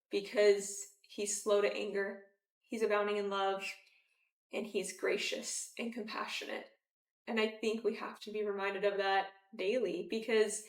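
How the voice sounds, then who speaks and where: A woman teaching a casual Bible study, chatty and animated, with many fillers and acted-out quotes. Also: mid-range voice, roomy sound, recorded from a distance.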